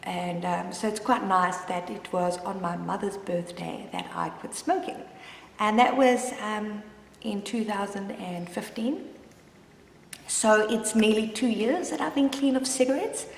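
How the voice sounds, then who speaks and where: A woman's voice: medium pitch, a little slow, vocal fry, a little hiss or hum. A woman speaking as a mother who tells her own story in a candid, rambling way, restarting her sentences often. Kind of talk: personal confessional vlog. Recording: roomy with long reverb.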